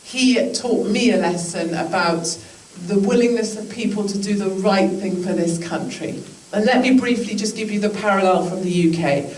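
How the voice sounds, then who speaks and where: A woman's voice: mid-range voice, moderate pace, a little mellow. A woman with a British accent gives a chatty, joking speech to a live audience. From England. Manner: chatty, joking asides, acted quotes. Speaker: political speaker. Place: large indoor venue with an audience. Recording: echoey room from far off, crowd noise.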